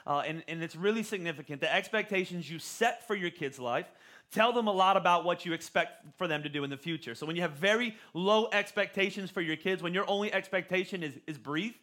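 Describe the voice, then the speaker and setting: Bright, high-voiced man preaching. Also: brisk. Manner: conversational, repeats words when starting phrases. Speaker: pastor. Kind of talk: sermon.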